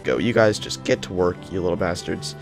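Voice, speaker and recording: A young man giving excitable gameplay commentary, yelling in panic and triumph. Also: low voice, brisk, over music. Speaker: gaming channel host.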